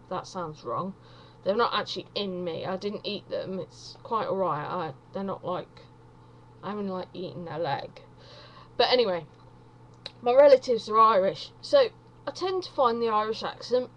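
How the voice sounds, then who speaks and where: Woman from England, slightly high voice, unhurried, rambling self-deprecating stand-up. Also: fairly bright tone, a little hiss or hum, poor audio. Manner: chatty, self-deprecating, wandering asides. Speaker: vlogger doing stand-up.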